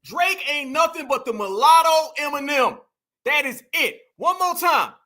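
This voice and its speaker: A man's voice: very high-pitched, animated, measured pace, bright, forceful tone. A man hosting an opinionated commentary stream, emphatic and preachy, calling out to his viewers. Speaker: commentary host.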